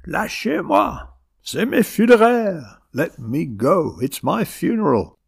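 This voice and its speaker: A man's voice: high voice, big pitch swings, slow, gravelly, breathy edge, voice pushed up, full character voice. A man voicing a ferocious, frenzied elderly French grandmother who screams in a French accent and broken franglais. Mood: frantic screaming.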